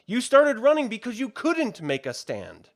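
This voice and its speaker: A man co-hosting a casual review podcast, talking in an animated, profane way and acting out characters' lines. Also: very high-pitched, moderate pace. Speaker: podcast co-host.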